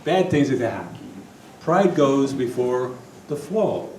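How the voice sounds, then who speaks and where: A man's voice: medium pitch, unhurried. Older man lecturing in an echoey room. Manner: lively, rambling, with many restarts. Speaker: radio host giving a talk. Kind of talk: public talk to a live audience. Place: meeting room with audience. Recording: echoey room from far off, faint noise.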